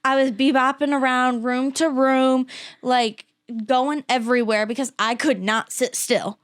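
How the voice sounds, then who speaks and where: A bubbly woman co-hosts a podcast in casual chat, with a smooth, clear, fairly high voice. She fills her sentences with "like". The recording is dry and close. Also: level tone, a little slow, no room sound. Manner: bubbly, lots of 'like' fillers. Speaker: podcast co-host.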